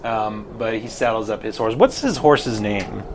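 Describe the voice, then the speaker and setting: Low-voiced man narrating as game master. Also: measured pace, a crowd in the background. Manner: dramatic narration with casual asides.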